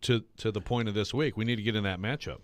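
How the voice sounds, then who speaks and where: A man co-hosting sports talk radio, thinking aloud with animated restarts, on a studio mic. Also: on the low side, fast talker, no echo.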